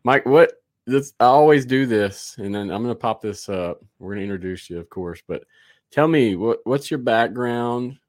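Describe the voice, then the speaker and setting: A man's voice: mid-range voice, lively intonation, moderate pace, no room sound, studio quality. A man hosting a live podcast, chatting loosely and rambling with fillers and restarts. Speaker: podcast host. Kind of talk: casual live podcast chat.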